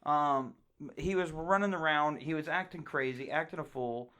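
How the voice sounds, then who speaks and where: A man's voice: fairly high pitch, moderate pace, noisy background. A young man co-hosting a podcast, telling a crude, joking story in casual chat. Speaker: podcast co-host.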